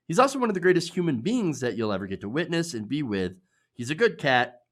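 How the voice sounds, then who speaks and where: A man from Michigan hosting casual political commentary, sarcastic and quick to laugh. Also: a little high, very animated, a bit bright. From Michigan, USA.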